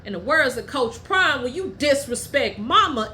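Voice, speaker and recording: A woman hosting her own podcast, telling personal stories in a blunt, profane and heated way, at times dropping low and quiet. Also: animated, moderate pace, a little hiss or hum. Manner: drops low and quiet when telling family matters. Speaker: podcast host. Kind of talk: candid personal storytelling.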